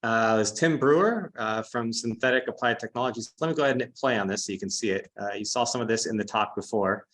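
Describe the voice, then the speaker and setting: A man with a fairly low voice hosts an online technical workshop and announces contest winners. He explains simulations in a relaxed, casual way, with plenty of "uh" fillers between phrases. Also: fast talker, hardly any pauses, poor audio. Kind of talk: presenting over a video call.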